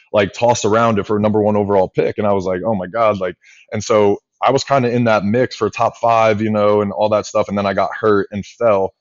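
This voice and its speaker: A man in his thirties, a former pitcher and podcast guest, telling long stories quickly with many fillers. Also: dry recording. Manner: rapid, animated storyteller with many fillers. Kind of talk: casual storytelling chat. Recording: dull lo-fi podcast audio.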